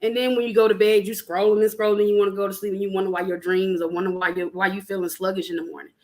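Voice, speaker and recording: A young adult woman in casual spiritual chat on a podcast, animated and preachy, talking plainly with lots of fillers. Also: medium pitch, very fast. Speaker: podcast guest.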